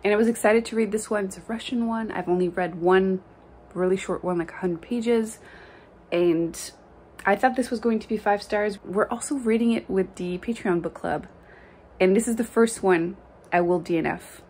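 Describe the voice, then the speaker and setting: A book vlogger from Quebec, a native French speaker with a French Canadian accent, chats and vents casually, laughing often and using lots of fillers. Her voice is mid-range and a little mellow, at a moderate pace, with slight background noise.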